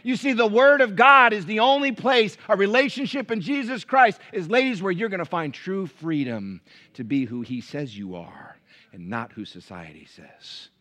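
Bright high-pitched man preaching. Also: moderate pace. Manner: animated preaching with rhetorical questions, dropping to quiet asides. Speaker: pastor. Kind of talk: sermon.

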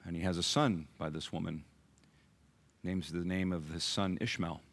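A man's voice: low-pitched, fairly even intonation, normal speed, creaky. A male pastor preaching a sermon, telling stories dramatically, acting out voices and asking the congregation questions.

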